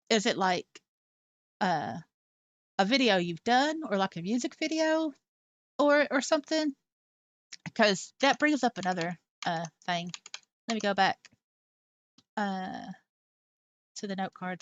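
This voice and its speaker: A woman's voice: mid-range voice, lively intonation, slow, long pauses, no echo, lo-fi sound. A young woman live streaming from her home in casual chat, reading viewer messages aloud and talking to her cat.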